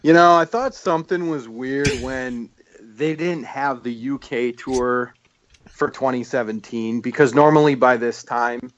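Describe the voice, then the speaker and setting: A man co-hosting a casual podcast, explaining his points in a measured way. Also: medium pitch, highs cut off, a little hiss or hum. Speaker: podcast co-host. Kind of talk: casual wrestling talk.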